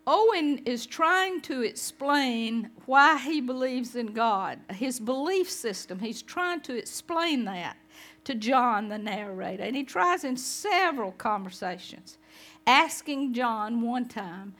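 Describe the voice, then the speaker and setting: Slow-speaking woman pastor preaching. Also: a little high, lively intonation, fairly bright tone. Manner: conversational, chats with the congregation. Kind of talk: sermon.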